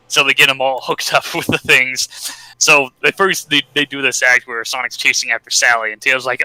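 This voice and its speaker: A man's voice: mid-range voice, fairly even intonation, normal speed, pushed and bright, dry recording, low-quality recording. A man co-hosting a casual podcast, recapping a story with voiced asides and frequent laughter. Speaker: podcast co-host.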